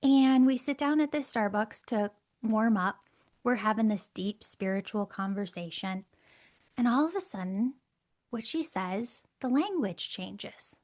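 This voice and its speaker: A middle-aged woman, a guest on the show, telling a personal story in a lively way, laughing often and acting out the voices she quotes. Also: a little high, measured pace. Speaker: guest, angel communicator.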